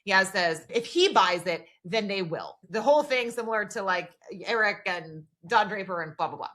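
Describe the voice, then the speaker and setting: Bright-voiced woman recapping a TV episode. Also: mid-range voice, animated, moderate pace. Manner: retells scenes at length, quoting characters, many "like" fillers. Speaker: podcast co-host. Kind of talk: casual TV recap chat.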